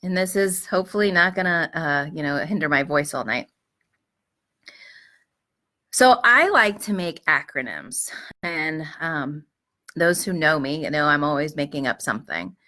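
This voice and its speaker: Middle-aged woman host, low-pitched yet bright and forceful tone, gentle advice talk with fillers. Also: lively intonation, a little slow. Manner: gentle, reflective, frequent fillers and restarts. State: clearing her throat. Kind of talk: live-streamed advice talk.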